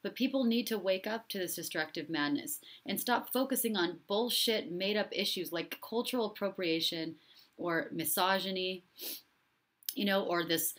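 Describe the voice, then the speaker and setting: A woman's voice: mid-range voice, normal speed, a bit bright. A woman hosting a live stream, speaking in an impassioned and repetitive way and reading out viewer comments. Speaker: host and relationship coach.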